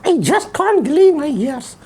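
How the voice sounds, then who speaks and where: A man doing a squeaky excitable little boy. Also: measured pace, exaggerated voice. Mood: amazed. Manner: high squeaky childlike voice, exclaiming eagerly. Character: excitable little boy puppet, eager and boastful. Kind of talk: children's puppet skit.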